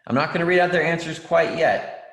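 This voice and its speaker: A man's voice: on the high side, a little fast. A man teaching an online writing class for children, encouraging and reading out student answers with frequent ums. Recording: roomy echo.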